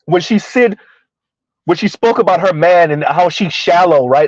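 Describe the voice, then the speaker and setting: Chatty man streaming, slightly high voice. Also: lively intonation, normal speed, no echo, lo-fi sound. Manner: rambling, conversational, frequent "right?" and "like". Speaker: commentary streamer reading chat. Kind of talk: casual live-stream commentary.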